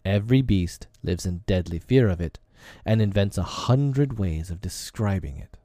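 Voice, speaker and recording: A man narrating a classic story in a measured, expressive reading. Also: deep voice, no room sound, clean studio sound.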